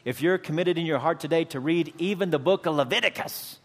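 A man's voice: fairly high pitch, animated, fast, few pauses. A man preaching a sermon as pastor, addressing his congregation and calling out for amens. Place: church sanctuary. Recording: long hall reverb.

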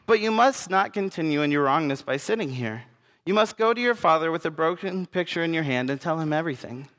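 A man voicing an older nanny, a woman who speaks firmly but gently. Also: a little high, lively intonation, fairly quick.

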